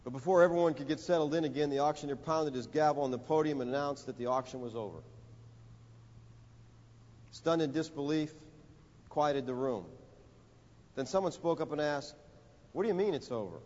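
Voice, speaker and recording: A man preaching a sermon, telling a story and building to emphatic, rising lines with dramatic pauses. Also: on the high side, a little mellow. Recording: dull audio in a reverberant hall.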